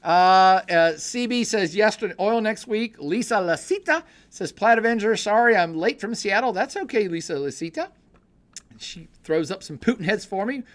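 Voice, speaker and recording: Middle-aged guy hosting a live podcast, reads chat out loud, goes from loud and excited to low mutters, jokey. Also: normal speed. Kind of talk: casual livestream chat.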